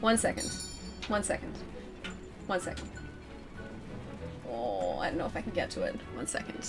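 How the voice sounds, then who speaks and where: A woman's voice: sits low, wildly swooping pitch, moderate pace, music in the background. A woman with a cold and a nasal voice, chatting casually with viewers on a live stream, giggly and self-deprecating, on a close mic with a pop filter in a home gaming room. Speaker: game streamer. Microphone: close studio mic with pop filter.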